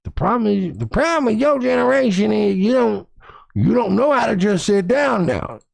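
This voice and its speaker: A man's voice: sits high, big pitch swings, vocal fry, dry recording, pitched above the performer's own voice, exaggerated voice. A man putting on a scolding old man. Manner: scolding, preachy, drawn-out. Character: grumpy old man lecturing young people.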